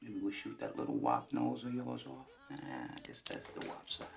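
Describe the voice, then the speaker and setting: A man's voice: low voice, big pitch swings, normal speed, creaky, background noise, heavily acted. An actor playing a volatile young male hustler who taunts and threatens the people around him, in a dramatic film scene. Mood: menacing. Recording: film soundtrack with music score.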